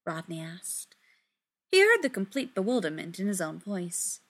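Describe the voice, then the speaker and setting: A woman reading a story aloud in an unhurried, expressive way. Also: medium pitch. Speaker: audiobook reader. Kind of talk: fan fiction reading.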